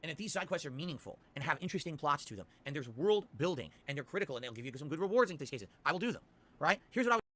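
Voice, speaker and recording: A man's voice: on the high side, very animated, rapid-fire, fairly bright tone. A man ranting bluntly and profanely on a stream, dismissive of what he is talking about. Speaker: streamer in a played clip.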